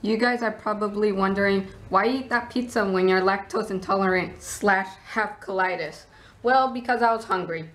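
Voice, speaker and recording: A woman's voice: mid-range voice, fairly bright tone, slight background noise, poor audio. A young woman chatting casually in a vlog at her market stall, giggling often. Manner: chatty and giggly, slow-paced. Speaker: vlogger.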